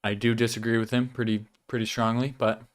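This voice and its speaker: A man's voice: mid-range voice, flat delivery, brisk. A young man hosting a casual weekly vlog, chatting loosely about his life while chewing gum and swearing now and then. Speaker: vlog host.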